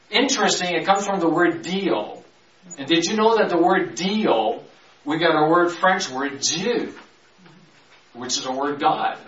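A man teaching from the Bible in a conversational preaching style, slowly stretching key words and rushing through his asides. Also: on the high side, a bit bright. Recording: roomy, distant, dull sound.

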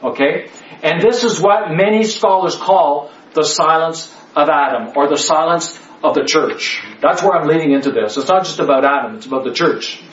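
A man with a high voice leads a Bible study, hammering on key words and asking "okay?" again and again. He sounds echoey and set back from the mic, in a dull, lo-fi recording. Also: moderate pace, distant mic. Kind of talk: Bible study teaching to a small group. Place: indoor room with a listening group.

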